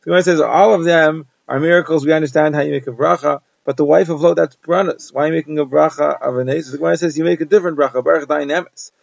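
A man giving a quick summary lesson on a Talmud page, rattling off Hebrew verses and explaining each one in English. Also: on the high side, steady tone, gravelly, dry recording, lo-fi sound. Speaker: Talmud teacher.

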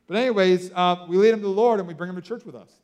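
A man in his thirties preaching a sermon, telling stories excitedly with lots of fillers like "like" and "you know". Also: sits high, racing, clear, resonant tone. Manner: excitable storytelling with many fillers. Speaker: pastor.

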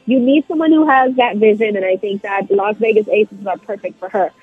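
A woman's voice: mid-range voice, steady tone, fairly quick, breathy edge, no room sound, faint music behind. A woman sports reporter giving confident, analytical comments in a phone interview. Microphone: phone line. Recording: tinny phone line.

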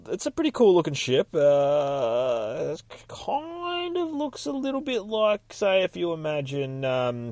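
A man's voice: mid-range voice, no room sound. A man casually recapping a comic book in a rambling, heavily profane way. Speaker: podcast host recapping a comic.

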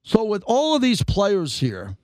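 A middle-aged man hosts a call-in sports radio show with a high voice that leaps even higher when he gets fired up. He rants at his listeners from a dry, close studio microphone. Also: measured pace, no echo. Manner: animated, ranting, pitch shooting up when worked up.

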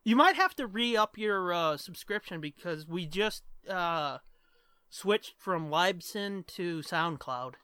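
Bright-voiced, profane podcast host. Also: male voice, high-pitched, lively intonation, takes it slowly, clean tone, no room sound. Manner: loose, profane, laughing often. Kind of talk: casual podcast chat.

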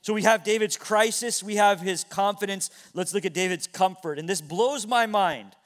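A middle-aged male pastor preaching a sermon in a church, earnest, dropping to hushed tones and rising to loud exclamations. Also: high voice, normal speed. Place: church sanctuary.

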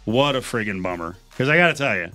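A man hosting a radio show, chatting in a lively, excitable way. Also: on the low side, quick pace, soft background music. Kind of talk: casual chat.

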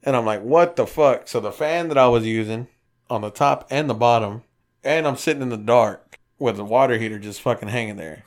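A podcast co-host with a mid-range voice talks a little fast while telling a story in casual chat. He swears freely and animatedly acts out what people said.

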